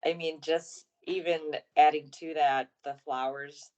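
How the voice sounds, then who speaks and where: A woman's voice: low voice, fairly even intonation, unhurried, a little mellow, highs cut off. A woman co-hosting a casual wrestling podcast, agreeing and chiming in with enthusiasm. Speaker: podcast co-host. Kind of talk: casual wrestling recap chat.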